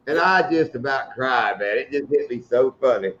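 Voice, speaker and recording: A man's voice: mid-range voice, lively intonation, normal speed, few pauses, highs cut off. Laid-back joking man on a stream. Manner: joking storyteller, laughs at his own stories. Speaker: host of a fishing channel live stream. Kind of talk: casual live-stream chat.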